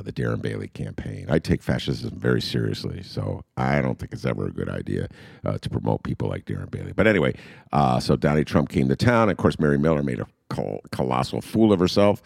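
Sarcastic gravelly-voiced podcast host. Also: male voice, a bass voice, no room sound, studio quality. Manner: sarcastic, riffing, mocking quotes in funny voices. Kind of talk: casual political commentary.

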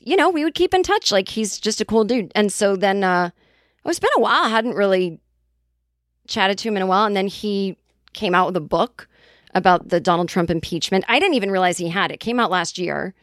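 Woman, comedian, casual rambling story, swears a lot, mid pitch, dry close sound. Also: moderate pace, no room sound. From Boston area. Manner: rambling, profane, animated with quoted voices. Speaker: comedian and writer.

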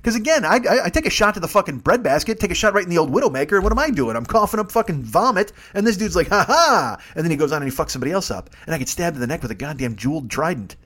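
Fast, lively profane man ranting. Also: a little high. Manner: profane, riffing, animated. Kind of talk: casual comedic rant.

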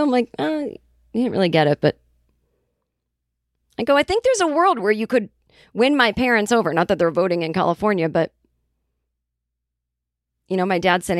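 Animated woman telling a comic story. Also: mid-range voice, moderate pace, pauses often, dry recording, clean studio sound. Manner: animated, acts out quoted voices. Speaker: podcast host. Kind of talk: casual comedic storytelling.

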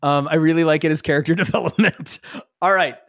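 A man's voice: on the high side, steady tone, quick pace, a bit bright, no room sound, clean studio sound. A man narrating as game master of a tabletop role-playing game, chatty, laughing, and full of fillers.

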